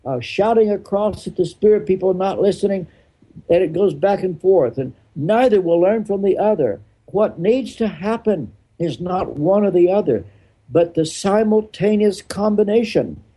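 Older guy, retired pastor on an interview, husky kinda raised voice, keeps asking n answering himself. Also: high-pitched, expressive, moderate pace, warm tone. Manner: emphatic, rhetorical questions answered himself, repeats phrases. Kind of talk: interview answer, preaching-style explanation.

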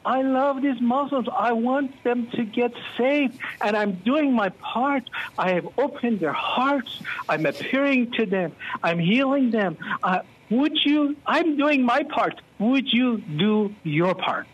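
A man speaks as God, pleading fervently and urgently. The voice is pushed well above his usual pitch with a husky edge. The sound is muffled and lo-fi. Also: lively intonation, slow pace, full character voice. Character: God pleading with Western Christians.

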